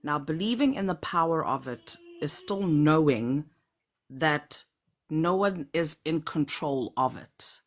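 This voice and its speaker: A middle-aged woman calling in to a live stream, telling a personal story in a measured, reflective way. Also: low voice. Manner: measured, reflective, lively when joking.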